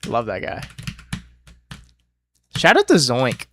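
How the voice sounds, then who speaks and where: A man's voice: mid-range voice, slow, a little hiss or hum. A man streaming a platformer, swearing and talking himself through his attempts in casual self-talk. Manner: profane, excitable, talks himself through attempts.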